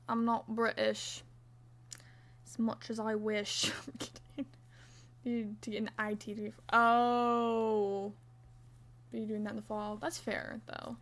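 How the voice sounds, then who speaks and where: A young woman streaming live, chatting playfully with her viewers and counting stitches under her breath as she crochets. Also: on the high side. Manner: chatty, playful, reads chat aloud. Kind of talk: casual live-stream chat while crocheting.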